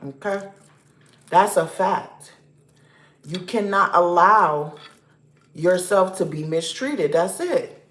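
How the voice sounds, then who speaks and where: A woman's voice: lowish voice, lively intonation, slow pace, long pauses, fairly bright tone. A woman vlog host giving blunt, repetitive life advice in a casual talk to camera at home. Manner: emphatic, repetitive, preachy. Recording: roomy echoey room.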